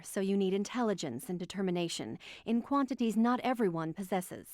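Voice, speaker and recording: An arrogant, sharp-tongued female scientist lectures with condescending sarcasm, voiced by a woman reading a game. Her voice sits mid-pitch and sounds close and dry. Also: dry recording, close to an everyday voice.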